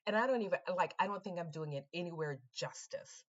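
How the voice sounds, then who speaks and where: Woman, low voice, chatty vlog storytelling, animated, repeats herself, muffled lo-fi sound. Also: a little fast. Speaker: vlogger. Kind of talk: casual storytelling to camera.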